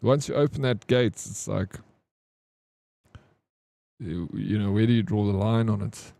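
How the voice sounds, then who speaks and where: Laid-back gaming streamer. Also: male voice, lowish voice, a little slow, gravelly, warm tone, no room sound. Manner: laid-back, chatty, slangy, talks to chat and to himself. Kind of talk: casual live-stream chat while playing.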